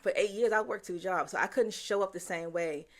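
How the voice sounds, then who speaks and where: A woman's voice: mid-range voice, brisk. Reflective woman podcast co-host. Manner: reflective, thinks aloud with ums. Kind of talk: casual chat.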